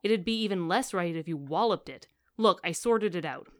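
A woman reading aloud the lines of a glib, quick-tongued male con man who protests and argues. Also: fairly low pitch, expressive, natural voice. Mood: indignant.

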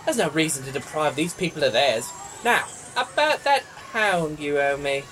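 A woman playing a pompous, oblivious wealthy young gentleman in a comedy radio sketch. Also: sits low, animated, normal speed, a little hiss or hum. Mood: smug. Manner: posh, theatrical, giddy.

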